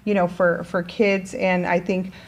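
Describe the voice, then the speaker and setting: A woman's voice: on the low side, flat delivery, unhurried, slight background noise. Chatty woman teacher, filler-heavy talk. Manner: chatty, many fillers and restarts. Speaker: teacher and guest. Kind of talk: casual conversation.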